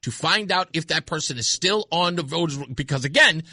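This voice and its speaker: A man hosting a talk radio show, telling stories in an excitable way with quick restarts. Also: a little high, dry recording, studio quality. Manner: excitable, fast storytelling with frequent restarts. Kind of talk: animated talk radio chat.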